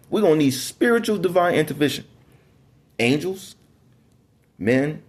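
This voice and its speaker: A preacher with a medium-pitched, somewhat dark voice gives a casual Bible teaching. He reads scripture aloud emphatically, tossing in slangy asides and often tripping over his words.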